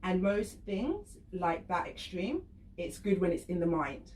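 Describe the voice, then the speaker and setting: A woman working as a professional dominatrix, a guest on a radio show, telling stories in casual chat, animated and laughing often. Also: on the low side, a little slow, roomy sound, far from the mic, a little hiss or hum. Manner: animated storyteller, laughs often, acts out voices.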